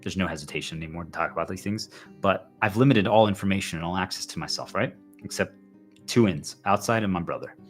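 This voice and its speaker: A man's voice: deep voice, fast, faint music behind. A man livestreaming a rambling, intense personal monologue, full of repeated fillers. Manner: intense, repetitive, heavy use of "like".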